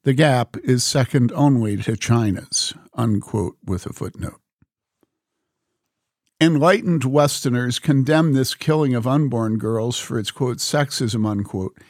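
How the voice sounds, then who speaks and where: Guy reading a book out loud, steady and serious, dry mic, no room sound. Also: medium pitch, dry recording. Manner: measured, earnest reading with spoken quote marks. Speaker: reader.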